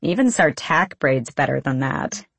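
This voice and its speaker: A woman reading the lines of a blunt, teasing, sharp-eyed clan girl in an audiobook. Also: deep voice, animated, a little slow, gravelly, husky, dry recording, exaggerated voice.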